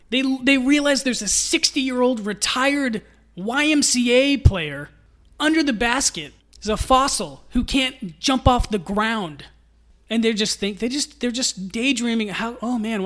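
A young man hosting a solo sports podcast, talking fast and jokily with frequent laughter. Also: high voice. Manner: animated, joking, laughs often. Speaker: podcast host.

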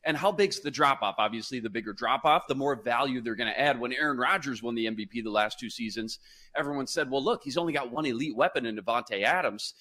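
A man co-hosting a sports podcast, laying out a measured, reasoned argument. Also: mid-range voice, bright, forceful tone. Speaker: podcast co-host. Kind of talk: sports analysis talk.

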